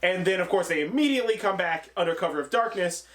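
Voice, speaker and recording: A man's voice: sits high, expressive, fast talker, a bit bright. A man hosting a casual movie review chat, rambling and swearing freely while retelling scenes.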